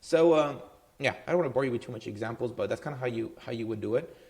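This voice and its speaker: A man's voice: medium pitch, fast, darkish tone. This is a man with an ordinary mid-range voice, running a marketing business and handing out advice in an offhand, conversational way. He keeps checking in with "right?" and leans on fillers like "um" as he goes. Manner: loose and conversational, full of "right?" and "um". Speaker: marketing agency owner giving advice. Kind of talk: casual talking-head advice.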